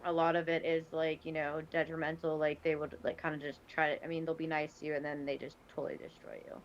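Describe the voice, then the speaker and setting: A woman's voice: sits low, little pitch movement, fast, lo-fi sound, a little hiss or hum. A woman co-hosting a casual talk show, rambling with many fillers. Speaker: podcast co-host. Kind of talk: casual chat.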